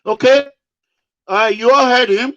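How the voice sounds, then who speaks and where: Speaking at a measured pace in a very high, fairly bright voice, a Nigerian-accented man hosts an activist group's online talk. He sounds hesitant, with plenty of "uh" fillers, and the recording is muffled.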